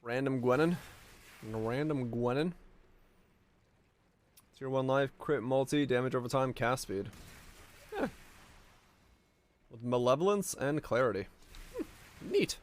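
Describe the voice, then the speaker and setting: A man streaming a video game, reading viewer messages and chatting casually in a relaxed, rambling way. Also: medium pitch, a little slow, pauses often. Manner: relaxed, rambling, reads chat aloud. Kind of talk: casual chat while playing.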